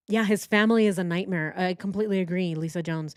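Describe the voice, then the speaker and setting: A woman's voice: medium pitch, steady tone, quick pace, clear, resonant tone, no echo, studio quality. Indignant woman reading texts aloud. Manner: indignant, sarcastic. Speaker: true crime channel host. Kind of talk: commentary while reading text messages. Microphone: boom-arm microphone.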